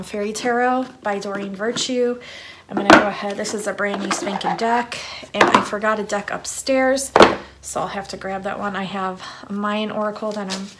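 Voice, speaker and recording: A woman's voice: mid-range voice, heavy background noise. A woman giving a casual tarot card reading for her channel, chatting in a rambling way with lots of fillers. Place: her home, downstairs.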